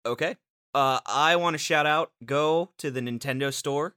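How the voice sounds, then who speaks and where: Bright-voiced joking podcast host. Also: male voice, a little high, moderate pace, smooth, dry recording, clean studio sound. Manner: rambling, profane, joking. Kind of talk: casual podcast banter.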